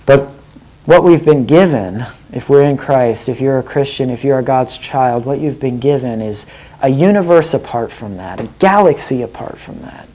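A man's voice: medium pitch, moderate pace, warm tone, poor audio. A man preaching a sermon in an earnest way, often putting direct questions to his listeners.

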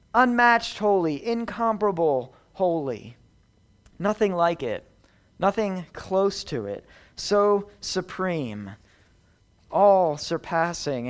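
High, clear-voiced male preacher. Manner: measured, emphatic, repeats words for stress. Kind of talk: sermon.

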